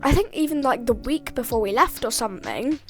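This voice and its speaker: A teenage girl chatting through a storytime vlog in a high, bouncy voice that swings all over the place. She piles on "like" and slips into little acted-out lines of dialogue. Faint music plays behind her. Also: animated, brisk. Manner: chatty, full of "like", acting out dialogue.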